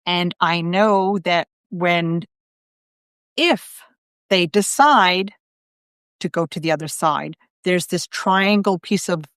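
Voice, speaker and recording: A woman's voice: lowish voice, takes it slowly, fairly bright tone, clear, resonant tone, dry recording, studio quality. A middle-aged woman, a psychic medium, telling a personal story on a live video in a chatty way, full of asides and quoted self-talk.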